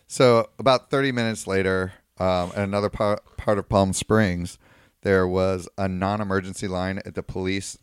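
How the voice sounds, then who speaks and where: Deep smooth-voiced guy telling a story casually, lots of ums, dry close sound. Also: no room sound. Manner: rambling, many ums and uhs.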